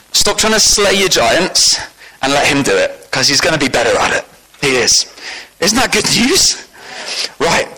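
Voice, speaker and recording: A man delivers a sermon with a bright, forceful voice. He preaches in an animated way, climbing in pitch and volume to drive points home and putting questions to the congregation. His voice sits in an ordinary middle register for a man. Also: breathy edge, poor audio.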